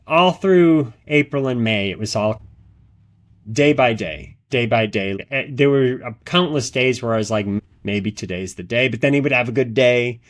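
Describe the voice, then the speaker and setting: A man hosting a podcast, telling personal stories in a rambling, earnest way with many restarts and repeated words. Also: mid-range voice. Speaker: podcast host. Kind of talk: casual podcast monologue.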